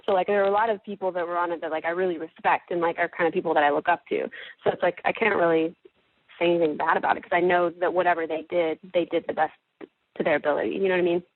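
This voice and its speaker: A young woman who works as a voice actress is a guest in a casual phone interview, chatting with lots of "like" and "you know." Her voice is on the low side and steady in tone, and she races along over a tinny phone line.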